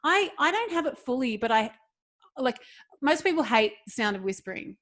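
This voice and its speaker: A woman's voice: sits high, very animated, fairly bright tone. Giggly rambling woman podcast host. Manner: giggly, rambling, reads facts aloud haltingly. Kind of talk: casual chat.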